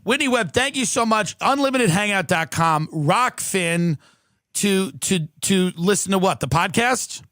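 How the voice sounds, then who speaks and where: A man's voice: sits high, lively intonation, a little slow, sharp tone, no room sound, studio quality. A man from New York hosting a podcast, delivering a sardonic, profane comedic rant with exaggerated emphasis. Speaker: podcast host.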